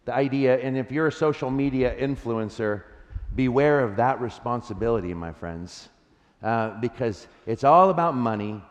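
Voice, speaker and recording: A man's voice: medium pitch, long reverb tail. A man preaching a sermon as pastor, earnest and conversational, telling stories and acting out the voices in them. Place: church.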